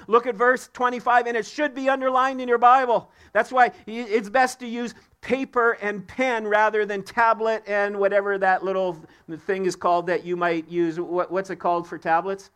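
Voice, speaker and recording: A man's voice: high voice, little pitch movement, moderate pace, few pauses, fairly bright tone, clean tone. A man preaching a live sermon as pastor in a church, emphatic and repeating key words for stress. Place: church sanctuary.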